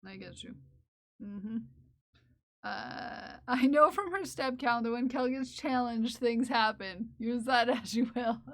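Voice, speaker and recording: High-voiced, unhurried woman chatting playfully. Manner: playful and teasing, laughs often. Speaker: livestreamer who crochets. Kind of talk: casual livestream chat reading viewer comments. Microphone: close ASMR microphones.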